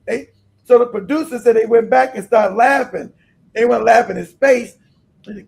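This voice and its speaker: A man's voice: very high voice, moderate pace, vocal fry, a little mellow, rough recording. A man from California hosting a livestream, ranting casually with profanity and frequent laughs. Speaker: host.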